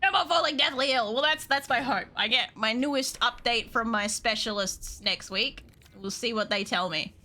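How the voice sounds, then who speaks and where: A woman's voice: on the high side, normal speed, hardly any pauses, pushed and bright. A woman streaming a video game, chatting casually with viewers, swearing freely and laughing often. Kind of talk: casual gameplay stream chat.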